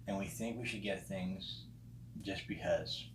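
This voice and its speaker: A man's voice: sits low, fairly even intonation, unhurried. A man giving a casual, opinionated monologue in a blunt, profane way, with frequent ums and restarts. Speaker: vlogger responding to a friend's video. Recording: roomy echo with faint background noise.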